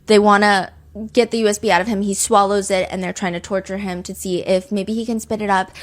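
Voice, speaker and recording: A woman hosts a true crime podcast, chatting in a casual, animated way and stacking up speculative rhetorical questions. Her voice is medium in pitch, fairly even in intonation, and brisk.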